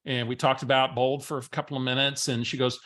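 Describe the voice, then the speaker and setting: A man's voice: medium pitch, little pitch movement, fast talker, fairly bright tone. A man presenting a coaching webinar as host, telling stories energetically with frequent filler sounds. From San Antonio area, Texas.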